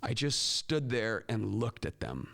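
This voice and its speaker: Animated man giving teaching tips. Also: measured pace, gravelly. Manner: animated, acts out classroom call-outs with big pitch jumps. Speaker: podcast host and teacher educator. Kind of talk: casual advice talk for teachers.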